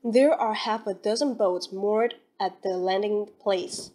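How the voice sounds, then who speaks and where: A woman voicing a courteous, formal young gentleman in an audiobook, speaking with polite restraint. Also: medium pitch, measured pace, natural voice.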